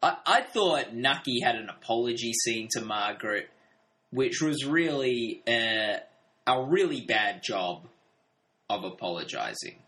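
A man's voice: mid-range voice, measured pace. A man in casual conversation who laughs a lot and acts out scenes in funny voices. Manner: animated, laughs often, acts out quotes in voices. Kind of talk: casual podcast chat about a TV drama.

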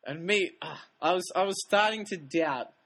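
A man's voice: high-pitched, moderate pace, gravelly, a bit bright. A man co-hosting a film podcast, chatting casually with dry teasing humor. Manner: dry teasing, laughs often. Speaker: podcast co-host. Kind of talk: casual chat.

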